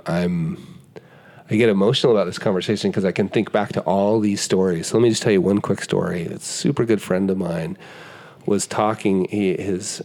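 A man as a podcast guest, explaining ideas in casual conversation and telling an animated story, acting out what people said, often restarting his sentences. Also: low-pitched.

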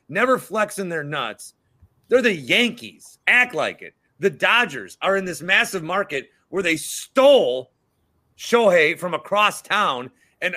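A man in his thirties with a Midwestern American accent co-hosts a sports podcast, ranting profanely in casual chat. His voice is high with a sharp tone.

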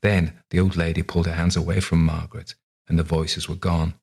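A man narrating a short story in a measured, even storytelling voice. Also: low-pitched, creaky, breathy edge.

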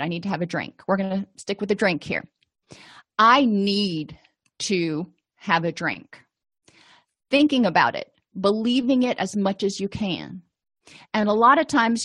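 A woman's voice: medium pitch, no echo. Middle-aged female counselor, conversational teaching tone, dry close sound. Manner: explanatory, conversational, uses examples. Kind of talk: recorded lecture.

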